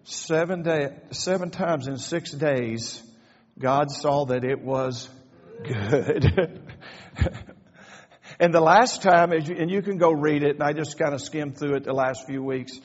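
A man's voice: a little high, a little slow, darkish tone. An older man preaching a sermon in a church, folksy with joking asides and growing fervor. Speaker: pastor. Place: church sanctuary. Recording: echoey church hall, dull lo-fi sound.

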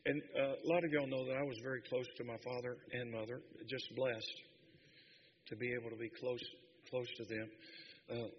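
A middle-aged man, preaching a sermon as a pastor and telling a personal story in a halting, heartfelt way, speaking straight to his congregation. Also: medium pitch, flat delivery, slight background noise. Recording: reverberant hall, dull lo-fi sound.

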